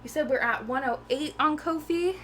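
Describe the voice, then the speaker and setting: A woman's voice: high-pitched, normal speed, a little hiss or hum. A woman in her thirties hosting a live music stream, chatting casually between songs in a rambling, self-mocking way. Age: 30s. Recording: loud ukulele music behind the voice.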